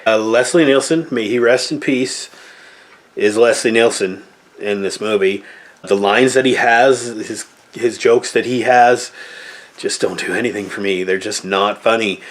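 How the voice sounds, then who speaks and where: A man's voice: on the low side, a little slow. A man giving a casual movie review, blunt and exasperated, swearing freely as he complains.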